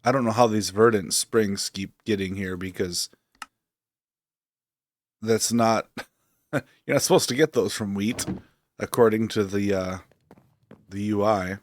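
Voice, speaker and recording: Low-voiced man casually narrating gameplay. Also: a little slow, pauses often. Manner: relaxed, rambling, thinking aloud with fillers. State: hiccups. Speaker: streamer.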